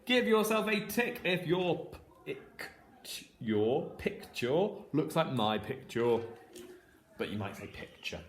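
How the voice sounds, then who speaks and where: A man teaching a phonics lesson to young children with a regional English accent, sounding out words slowly and stretching each sound. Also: a little high. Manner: slow, drawn-out sounding out of words. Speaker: primary school teacher. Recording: roomy echo with faint noise.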